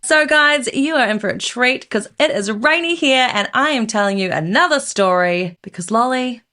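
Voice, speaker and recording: A woman co-hosting a podcast, telling a true-crime story in a casual, animated way and acting out the quotes. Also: on the high side, moderate pace. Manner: animated, laughs often, acts out quoted voices.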